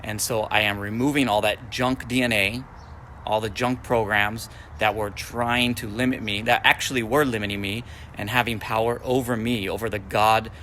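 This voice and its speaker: A man's voice: on the low side, fairly even intonation, moderate pace, pushed and bright, a little hiss or hum. A man in his forties, a spiritual teacher, speaking in a repetitive, affirmation-like way. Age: 40s.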